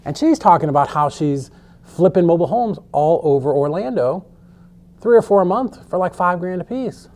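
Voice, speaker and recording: A man's voice: sits high, lively intonation, moderate pace, darkish tone. A middle-aged man teaching a real estate course in a casual storytelling way, loose and chatty, with frequent swearing.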